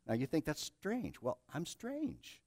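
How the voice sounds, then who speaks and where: A middle-aged male preacher with a somewhat high voice, animated and self-mocking as he tells a story. His delivery swings from hushed to loud, and the recording is dry and close. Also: slow pace, no echo. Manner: self-deprecating humor. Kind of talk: sermon with storytelling.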